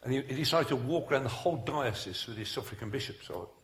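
Telling stories peppered with jokes and asides, a male preacher delivers a funny, animated sermon in a big hall. He speaks fast at a medium pitch, and the echoey recording picks up slight background noise.

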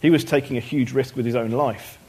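A man preaching a sermon in a church, reading scripture aloud and speaking conversationally in between, growing louder and higher when he quotes the prophet. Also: fairly even intonation, a little fast, slightly rough. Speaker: pastor. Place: church hall.

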